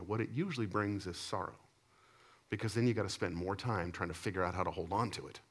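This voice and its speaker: Lower-voiced man preaching with lively storytelling. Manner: lively storyteller, swings between loud emphatic and low quiet delivery. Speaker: pastor. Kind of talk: sermon with storytelling.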